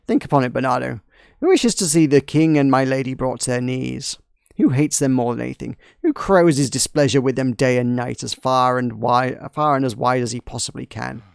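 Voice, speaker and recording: Brief: man doing a blunt, put-upon woman cook in a castle, gravelly edge, dry close sound. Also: medium pitch, brisk, no echo, close to an everyday voice. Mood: scornful. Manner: indignant, blunt. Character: gruff hardworking female castle cook.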